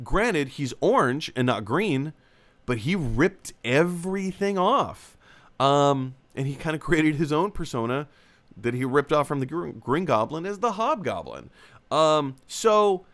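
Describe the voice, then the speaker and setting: A man's voice: fairly high pitch, a bit bright. A young man hosting a live movie chat, reading out viewer comments and rambling casually with lots of fillers and restarts.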